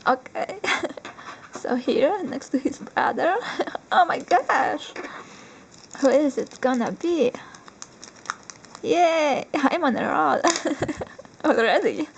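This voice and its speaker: A young woman, not a native English speaker, unboxing collectibles on camera, excitable and giggly, squealing with joy now and then. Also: high voice, vocal fry, a little hiss or hum, low-quality recording. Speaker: vlogger. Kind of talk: unboxing vlog.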